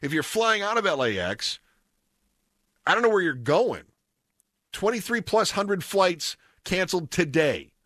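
A man's voice: high-pitched, very animated, measured pace, long pauses, sharp tone, dry recording. A man hosting a talk radio show, chatting wryly in a conversational monologue from the studio mic. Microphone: studio microphone.

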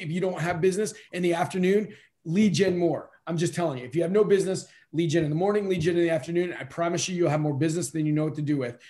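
A podcast host coaches his listeners, pressing his points hard and repeating them for stress. His voice sits high for a man. He keeps the tone of a casual chat. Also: darkish tone.

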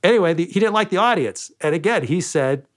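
A quick, rapid-fire man with a somewhat high voice, spinning comedy club anecdotes as an interview guest. He acts out the lines of the people in his stories, and his delivery stays lively. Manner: animated anecdotes, acting out quoted lines. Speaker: former comedy club manager.

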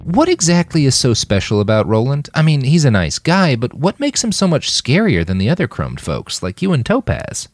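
A man's voice: medium pitch, very animated, moderate pace, few pauses, dry recording, studio quality, faint music behind, voice pushed up. A male narrator voicing a polite, earnest fixer asking questions.

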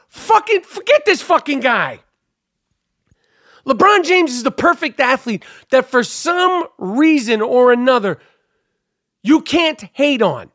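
A man hosting a podcast, ranting loudly and profanely about sports with lots of fillers. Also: very high voice, big pitch swings, slow, no room sound, clean studio sound. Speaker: podcast host.

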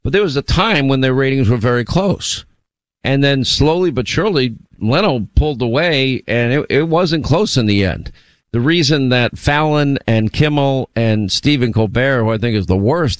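A man's voice: mid-range voice, dry recording. A man hosting a talk radio show, speaking bluntly, often repeating words as he starts a thought.

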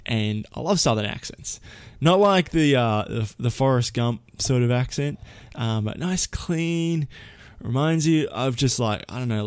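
A man hosts a podcast and opens with a casual intro, chatty and upbeat, full of fillers and restarts. His voice is medium in pitch, and the sound is clean with no echo.

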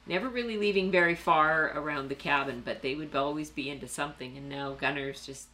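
Bright-voiced woman co-hosting a podcast. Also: low-pitched, a little fast. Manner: chatty, with many fillers. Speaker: podcast co-host. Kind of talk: casual podcast chat.

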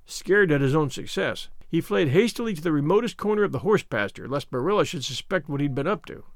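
A man narrates an old-fashioned storybook with expressive, measured delivery. His voice is high for a man and moves a lot. The recording is close and dry, with no room sound. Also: dry recording. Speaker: audiobook narrator. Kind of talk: scripted narration of a classic novel.

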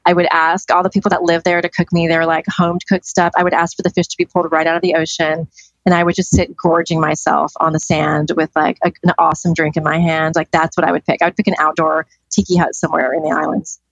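A woman's voice: deep voice, little pitch movement, fast talker, no echo, low-quality recording. A middle-aged woman chatting as a podcast guest, telling stories in an enthusiastic, free-flowing way. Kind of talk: casual interview chat.

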